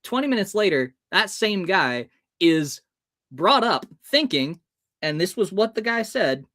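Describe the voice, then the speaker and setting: A man's voice: high-pitched, measured pace, no room sound, clean studio sound. A man telling a story as a guest in an interview, acting out the voices of the people in it. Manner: lively, acts out the voices in his stories.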